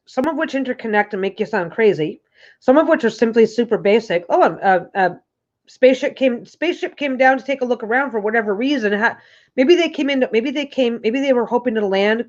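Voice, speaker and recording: Woman host, casual livestream talk, a bit high-pitched, rambly with many restarts, dull lo-fi sound. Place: home, on a couch. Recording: dull lo-fi recording.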